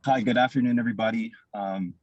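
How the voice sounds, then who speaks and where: A man's voice: medium pitch, fairly even intonation, quick pace, darkish tone, no echo, lo-fi sound. A man giving a heartfelt, emotional speech at a virtual celebration over a video call, his voice cracking with feeling. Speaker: caucus vice chair.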